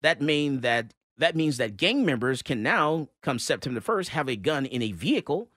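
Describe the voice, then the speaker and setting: A man hosting a talk radio show, telling a story in a casual, animated way with many fillers and restarts. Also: medium pitch, moderate pace, dry recording, clean studio sound.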